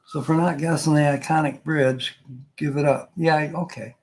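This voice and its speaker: A man's voice: a little high, steady tone, normal speed, a little mellow, low-quality recording. An older man hosting a casual live stream, reading viewer comments aloud and joking with a frequent chuckle.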